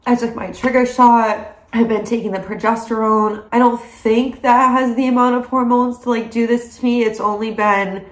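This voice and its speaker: Young female vlogger, tearful and emotional, slightly high voice, recorded on a phone in an echoey room at home. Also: steady tone, normal speed. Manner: emotional, tearful, laughing through tears. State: crying. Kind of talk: personal video diary.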